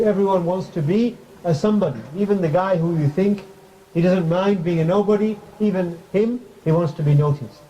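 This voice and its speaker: A man delivers a relaxed sermon in a mosque hall. His voice is fairly high but mellow and dark, and he talks easily with the audience. The recording is crackly and muffled, with a faint hiss behind him. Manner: conversational, asks the audience questions, light jokes; recites Arabic verses quickly. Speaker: speaker giving a mosque talk. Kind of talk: informal sermon.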